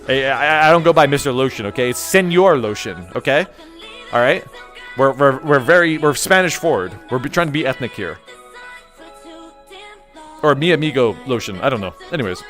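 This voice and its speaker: A man's voice: medium pitch, expressive, normal speed, pauses often, fairly bright tone, faint music behind. A young man chatting casually on a live stream, rambling and jokey as he reads chat aloud.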